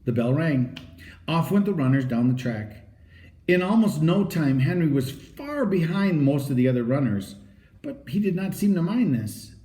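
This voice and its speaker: Expressive male storybook reader, roomy sound. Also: on the high side, moderate pace. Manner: animated, expressive read-aloud. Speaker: audiobook reader. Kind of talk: storybook narration. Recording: roomy echo.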